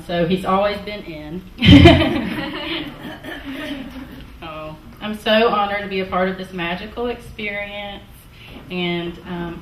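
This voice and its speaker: A middle-aged woman from the American South giving a chatty, laughing wedding toast. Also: mid-range voice. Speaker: wedding guest. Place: wedding reception hall. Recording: echoey hall from far off, clear background noise.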